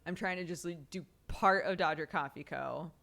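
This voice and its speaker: A woman's voice: fairly low pitch, normal speed, creaky, fairly bright tone. A woman streamer chatting casually with her viewers, rambling with lots of filler words, swearing and laughing often. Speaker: streamer answering chat. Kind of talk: casual live-stream chat.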